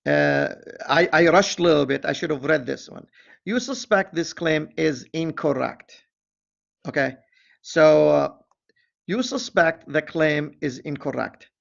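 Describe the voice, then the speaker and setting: Male teacher, slightly high and gravelly, deliberate lecture delivery with self-corrections, lo-fi recording. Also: very animated. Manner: deliberate, reads problem aloud, self-correcting asides. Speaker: statistics teacher. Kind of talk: screen-recorded lecture walkthrough.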